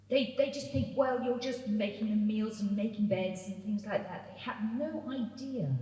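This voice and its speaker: A woman's voice: medium pitch, warm tone. A middle-aged British woman speaking to an audience in a hall, telling a personal story with candid emotion. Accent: British English. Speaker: guest speaker. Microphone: standing microphone, too close at times. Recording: echoey hall, from far off.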